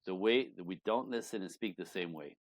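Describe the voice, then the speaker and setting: Male relationship coach, podcast guest; low voice, emphatic, lively delivery. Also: fairly quick. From Canada. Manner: animated, emphatic, acts out quoted voices. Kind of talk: conversational interview.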